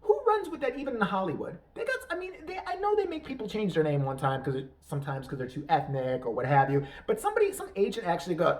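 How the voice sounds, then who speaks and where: A man's voice: sits high, huge pitch swings, quick pace, few pauses, distant mic. A man hosting a podcast, ranting in a profane, self-mocking, comedic way. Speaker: podcast host. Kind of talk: casual comedic rant.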